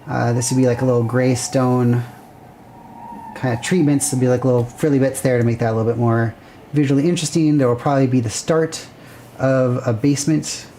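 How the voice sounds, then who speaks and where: A woman's voice: extremely low pitch, fairly even intonation, brisk, mellow, a little hiss or hum. A woman hosting a livestream, casually thinking aloud and chatting with viewers while she sketches a building plan. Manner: rambling, self-correcting, chatty with viewers. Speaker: livestream host.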